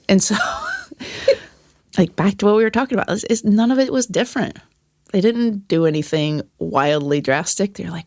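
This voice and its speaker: A woman's voice: medium pitch, moderate pace, darkish tone, dry recording, clean studio sound. A woman talking as a podcast guest and former teacher, candid and profane, acting out the voices of people she quotes. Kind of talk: casual conversation.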